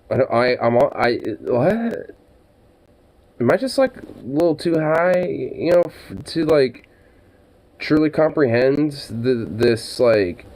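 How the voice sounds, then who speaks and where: A man's voice: mid-range voice, darkish tone, a little hiss or hum, rough recording. Rambling, profane young man reacting. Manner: rambling, profane, incredulous, stammers and restarts. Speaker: streamer reacting to a clip. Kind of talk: casual reaction commentary.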